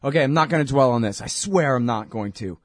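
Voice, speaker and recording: Quick-paced and expressive, a medium-pitched male radio host riffs on current events with sarcasm, his casual political monologue full of fillers. The dry recording has clean studio sound.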